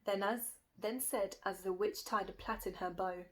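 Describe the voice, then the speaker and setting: A woman's voice: mid-range voice, normal speed, few pauses, rough recording. A woman reading a rhyming children's picture book aloud with a lilting rhythm. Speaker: storybook reader.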